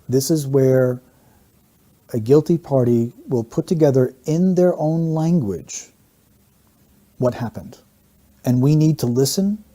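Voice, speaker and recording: A man's voice: medium pitch, warm tone. A man teaching statement analysis, methodically walking through an interview clip and repeating key phrases for emphasis. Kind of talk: explanatory analysis of interview clips.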